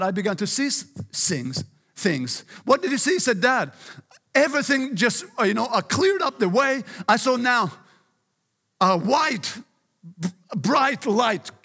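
High, bright-voiced preaching man in reverb. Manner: emphatic preaching, frequent "listen" and "praise God". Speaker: pastor. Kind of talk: sermon.

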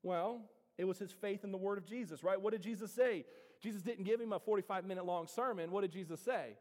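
A man preaching a sermon to his congregation, swinging from loud declarations to hushed, drawn-out lines. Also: high-pitched, expressive. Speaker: pastor. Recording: reverberant hall.

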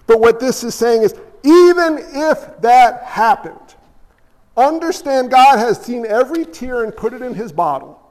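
High-voiced pastor preaching in an echoey church. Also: male voice, unhurried. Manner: animated, emphatic, blunt. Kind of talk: sermon.

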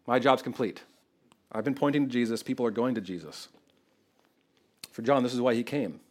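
A man preaching an expository sermon in an animated, conversational way, often checking in with the congregation. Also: mid-range voice, normal speed, long pauses. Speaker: pastor.

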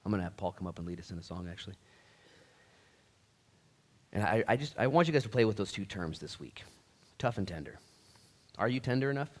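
A man preaching a sermon as pastor, conversational with restarts, swinging from quiet reflection to loud, rallying exhortation. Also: fairly low pitch, lively intonation, a little fast, long pauses. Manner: conversational, with restarts and folksy asides. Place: church.

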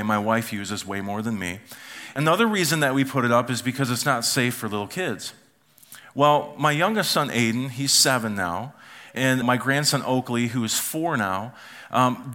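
In a church auditorium, a middle-aged pastor preaches and spins family stories, imitating how his relatives talk. His voice is mid-range and a bit bright.

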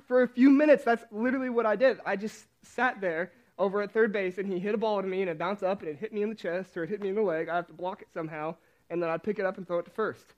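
A young man giving a casual sermon, telling a personal story in a chatty, self-deprecating way with many restarts. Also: high voice. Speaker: youth pastor. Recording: dull lo-fi recording.

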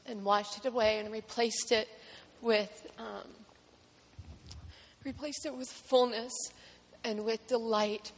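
A woman from Georgia giving an emotional personal testimony at church, halting with many pauses. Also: fairly high pitch, fairly even intonation, in a large hall. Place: church sanctuary.

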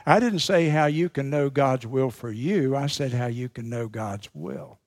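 A male pastor preaching a sermon with emphatic, dramatic pauses, repeating key phrases for effect. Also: medium pitch, a little mellow.

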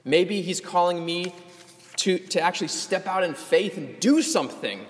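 A male pastor closing a sermon with practical teaching, gentle and earnest, often restarting his phrases. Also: high voice, moderate pace, in a large hall, a little hiss or hum.

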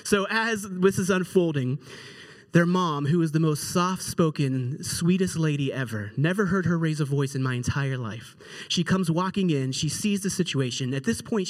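A middle-aged male pastor with a high-set voice, preaching in a loose, chatty way. He jumps into the voices of the people in his story and keeps the tone animated. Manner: animated, conversational, acts out quotes. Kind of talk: storytelling sermon.

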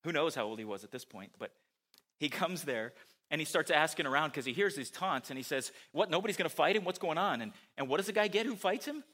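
Male preacher, sermon, rhetorical questions, bright voice, slightly high. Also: a little fast. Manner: animated, many rhetorical questions to the listeners.

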